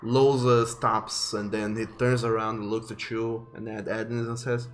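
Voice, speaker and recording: A man narrating a tabletop game as game master, unhurried and often restarting his phrases. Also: fairly low pitch, level tone, soft background music.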